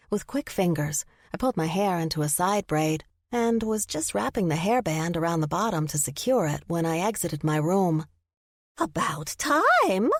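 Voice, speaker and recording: A woman narrating a first-person romance audiobook in an even storytelling manner. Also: on the low side, dry recording, studio quality.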